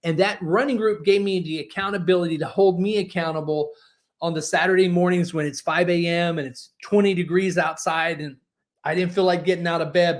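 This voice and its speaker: Folksy, energetic man coaching writers. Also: a little high. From Oklahoma. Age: 40s. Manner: folksy storytelling, energetic and persuasive. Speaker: book publishing coach. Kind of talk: motivational webinar talk.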